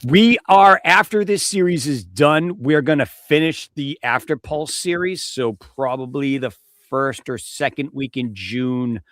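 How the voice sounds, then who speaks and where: A man's voice: mid-range voice, lively intonation, a little slow, a bit bright, no room sound, studio quality. A middle-aged man hosting a podcast, talking casually and rambling, swearing and joking at his own expense. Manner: rambling, profane, self-deprecating. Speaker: podcast host. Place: home studio with a close mic.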